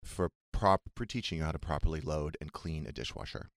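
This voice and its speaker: A man's voice: a bass voice, a little fast, vocal fry, no room sound, studio quality. A man co-hosting a casual chat show, teasing and bickering with his partner. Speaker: podcast co-host.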